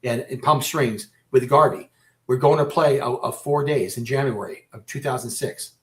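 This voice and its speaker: A man telling his own story as a radio guest, halting and repeating himself, close to breaking down. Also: medium pitch, fairly bright tone. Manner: halting, repeats and restarts phrases. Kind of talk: personal storytelling in a radio interview.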